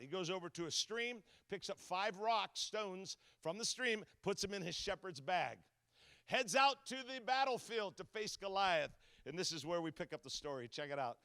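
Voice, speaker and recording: A man's voice: on the high side, moderate pace, gravelly, no echo. A middle-aged man preaching a sermon as a guest speaker, telling stories and acting out the voices in them. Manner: storytelling, animated, acts out quotes.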